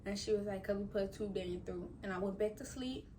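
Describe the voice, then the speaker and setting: A woman's voice: mid-range voice, fast, mellow, distant mic, slight background noise, rough recording. A woman in her twenties chatting casually to her viewers, telling a story and acting out her own thoughts while recovering from surgery. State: recovering from surgery, can't bend down. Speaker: vlogger. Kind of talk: casual chat to camera.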